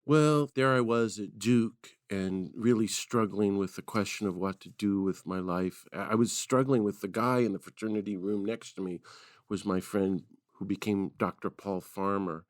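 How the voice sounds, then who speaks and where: A man, a priest and activist, telling stories on a podcast as a guest, lively and laughing as he goes. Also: lowish voice, moderate pace, dry recording, studio quality. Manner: lively storyteller who laughs and acts out quotes. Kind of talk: conversational storytelling.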